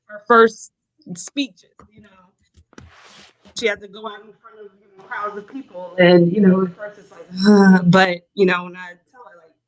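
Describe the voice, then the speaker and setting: A woman's voice: fairly low pitch, measured pace, rough recording. Earnest mother rambling with "you know". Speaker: guest, mother. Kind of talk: casual interview.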